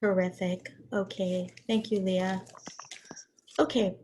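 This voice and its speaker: A middle-aged woman, hoarse and raspy from illness, giving a college writing lecture over a video call. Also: fairly high pitch, steady tone, unhurried, darkish tone. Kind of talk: online class lecture. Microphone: computer mic on a video call.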